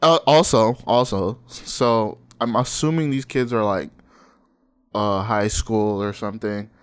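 A man's voice: lowish voice, fairly even intonation, a little slow, smooth. A man in his twenties chatting casually, telling stories in a laid-back way, swearing freely and laughing often. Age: 20s. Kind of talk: casual chat.

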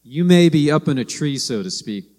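A man preaching a sermon, telling stories and acting out quoted lines in a lively way. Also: normal speed. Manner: storytelling, acts out quoted lines with rising pitch. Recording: long hall reverb.

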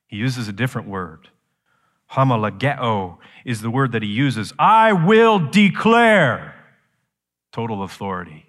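A man preaching a sermon as pastor, shifting from quiet explanation to loud, slow, emphatic lines. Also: on the low side, big-room sound.

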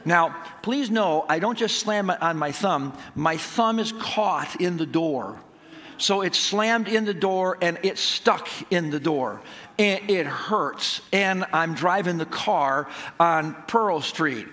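A man preaching a sermon, telling a family story in an animated way before turning to scripture. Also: high voice, takes it slowly. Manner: animated storytelling, acts out his own shouts. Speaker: pastor. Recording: long hall reverb.

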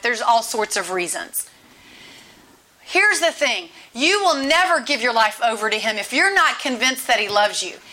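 A woman's voice: high-pitched, expressive, normal speed, pushed and bright. A woman giving a conversational sermon as a Bible teacher, emphatic, repeating key phrases and adding chatty asides.

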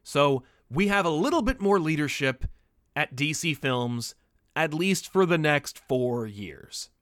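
A man's voice: a little high, very animated, unhurried, a bit bright, dry recording, clean studio sound. A man hosting a podcast about comics, talking in a chatty, opinionated, easygoing way. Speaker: podcast host. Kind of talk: casual commentary.

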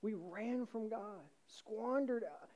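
A male pastor delivers a sermon, building to passionate, emphatic peaks. His tone is mellow and dark rather than bright. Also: high voice, slow pace, highs cut off. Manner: passionate, rising emphatic preaching.

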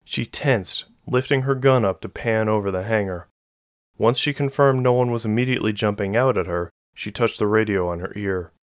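Male audiobook narrator with a steady, measured delivery. Low voice, dry close recording. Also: no room sound. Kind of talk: scripted narration.

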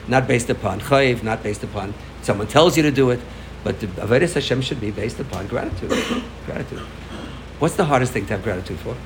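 A man, a rabbi, giving an informal sermon to his congregation, telling stories with loud emphasis and soft asides. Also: mid-range voice, background noise. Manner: animated storytelling, swings between loud emphasis and soft asides. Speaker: rabbi giving a farbrengen talk.

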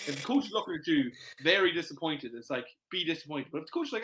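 Man, fitness coach, casual chat, fast, bright, animated, swears. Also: fairly high pitch, low-quality recording. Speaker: fitness coach, podcast host.

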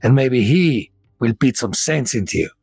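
A man's voice: mid-range voice, animated, normal speed, creaky, darkish tone, breathy edge, no room sound, soft background music. A man doing a stern, scolding detective father. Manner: exasperated, scolding. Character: stern fatherly male detective, quick-tempered.

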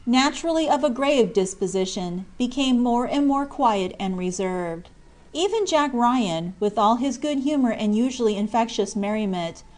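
A woman narrating an audiobook chapter with a fairly high voice. Her reading is clear, measured and expressive, moving steadily through long descriptive sentences. It is plain scripted narration of a classic novel. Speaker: audiobook reader.

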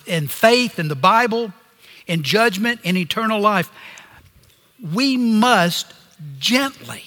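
High, bright-voiced man preaching in a hall. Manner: earnest, pausing preaching with phrases dropping low at the end. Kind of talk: sermon.

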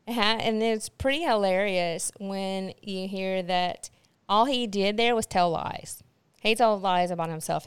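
A woman's voice: mid-range voice, clear, resonant tone, no echo. A woman co-hosting a casual chat, telling stories with lots of fillers and laughter. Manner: chatty storyteller, frequent fillers and laughter. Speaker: podcast co-host.

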